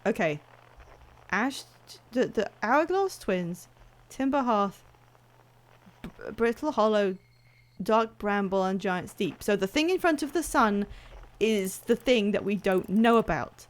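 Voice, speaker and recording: A woman's voice: medium pitch, animated, slow. A woman streaming a video game, chatting casually with her viewers, swearing, laughing and reacting as she plays. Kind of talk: casual gameplay commentary.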